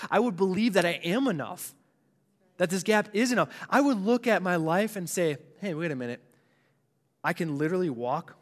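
Earnest man preaching in a reverberant hall. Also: on the high side. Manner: earnest, conversational, many restarts and "like". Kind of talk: sermon.

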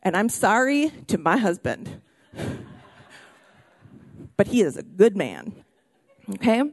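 A woman pastor preaching a sermon in a church, animated and excitable, often raising her voice. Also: mid-range voice, takes it slowly, dry recording, studio quality. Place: church auditorium.

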